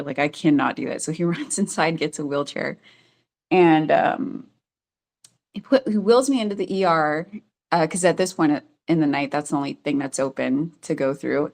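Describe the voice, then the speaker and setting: A woman's voice: low-pitched, vocal fry. A woman telling her own story as a podcast guest, chatty and full of fillers, often laughing as she goes. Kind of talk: casual storytelling.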